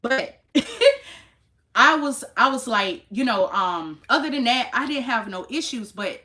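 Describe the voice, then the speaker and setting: A woman nurse telling a story to her viewers in a casual rant, emphatic and exasperated, with sudden high exclamations. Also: animated, normal speed, sharp tone. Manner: chatty, talks straight to viewers. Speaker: nurse vlogger.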